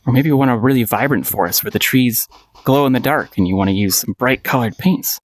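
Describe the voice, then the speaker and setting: A painting instructor leads a casual paint-along tutorial in a playful, encouraging way, giggling often and repeating short phrases. The voice is medium-pitched and brisk.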